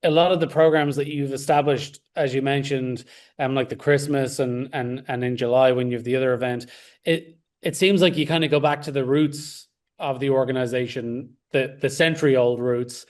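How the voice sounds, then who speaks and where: A man's voice: medium pitch, fairly even intonation, moderate pace. Chatty joking male interview host. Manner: chatty, joking, with hesitant fillers. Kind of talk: casual interview.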